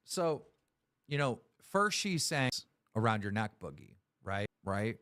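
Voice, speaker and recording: Animated bright-voiced man ranting. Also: lowish voice, a little slow. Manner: exasperated, complaining, swearing. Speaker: show host. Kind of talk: ranting on a live stream.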